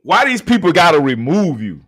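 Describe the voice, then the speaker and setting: A man's voice: fairly high pitch, sing-song, normal speed, a bit bright. Fired-up man hosting a live stream. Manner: emphatic, drawn out, many uh fillers. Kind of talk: casual live-stream talk.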